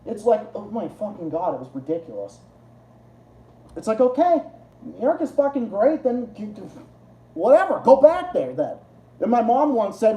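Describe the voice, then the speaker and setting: A man hosting a livestream, ranting in casual chat with lots of swearing and restarts, his voice jumping high whenever he gets worked up. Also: moderate pace, pauses often, echoey room, poor audio. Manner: profane, rambling rant with restarts; excitable, jumps high in pitch when worked up. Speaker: livestream host.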